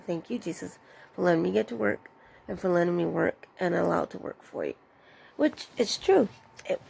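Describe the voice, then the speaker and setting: A woman's voice: gravelly, husky. A woman who works in retail, casually telling a story about her job and acting out what her coworkers said. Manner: animated, acts out others' lines with higher pitch. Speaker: retail store worker.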